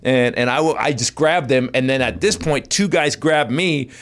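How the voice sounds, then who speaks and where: A male stand-up comedian tells his stories in a podcast chat. His voice sits at an ordinary middle pitch. He talks in an animated, profane way and laughs through his tales. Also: moderate pace. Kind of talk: storytelling in a podcast conversation.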